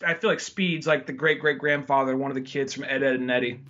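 A man's voice: mid-range voice, steady tone, fast, pushed and bright, highs cut off, slight background noise. A man hosting a casual movie review podcast, rambling, swearing and acting out scenes in voices. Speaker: podcast host.

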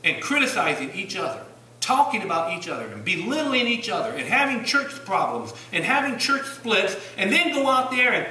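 A high, bright, forceful voice with a sing-song quality carries this emphatic sermon at a moderate pace. The preacher is a Virginia man with a Southern accent who puts rhetorical questions to the congregation, recorded from a distance in a roomy church sanctuary.

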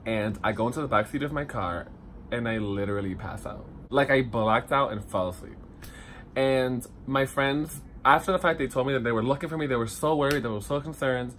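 A young man telling a personal story to his phone camera in a lively, dramatic, chatty way, swinging up high for the funny parts. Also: slight background noise. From Dominican heritage. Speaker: vlogger. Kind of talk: casual storytelling vlog.

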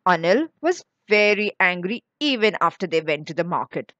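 A woman reading a children's story aloud, slow and expressive. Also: lowish voice, no echo, muffled recording.

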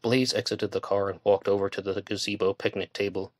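Audiobook narrator: male, low voice, steady delivery, dry close sound. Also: fairly quick, no room sound. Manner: steady, plain storytelling. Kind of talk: scripted narration.

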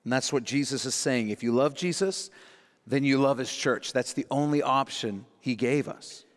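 A man preaching a sermon as pastor, animated and acting out quotes in little voices. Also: mid-range voice, normal speed. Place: church sanctuary. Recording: long reverb of a church hall.

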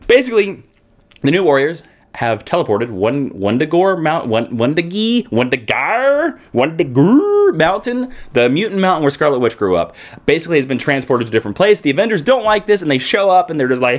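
A man from Kansas reviews comic books in a casual, enthusiastic way. His somewhat high voice swoops up and down with lively emphasis. He keeps the chat energetic and opinionated. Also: fairly quick. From Kansas, United States.

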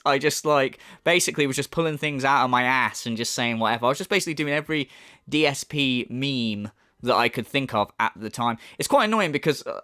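A man's voice: medium pitch, fairly bright tone. A man commenting casually on a video, mocking and swearing a lot. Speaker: YouTuber responding.

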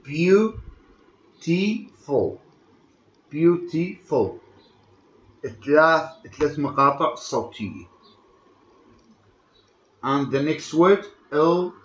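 Male teacher, on a lo-fi recording, fast explanations, slow word drills. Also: on the high side, animated, fairly bright tone. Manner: switches between rapid explaining and slow drilled repetition of words. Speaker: English teacher. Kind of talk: recorded online lesson. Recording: echoey, dull lo-fi room recording.

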